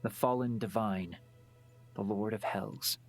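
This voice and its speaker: A man voicing a nervous young male demon in a visual novel, speaking quietly and hesitantly. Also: on the low side, steady tone, unhurried, faint music behind. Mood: solemn. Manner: quiet and hesitant, then pleading. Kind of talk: voiced visual novel dialogue.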